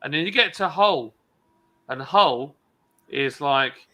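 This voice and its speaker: Slow, very bright man. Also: fairly high pitch, lively intonation. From England. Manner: rambling, mimics regional accents. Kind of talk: casual chat.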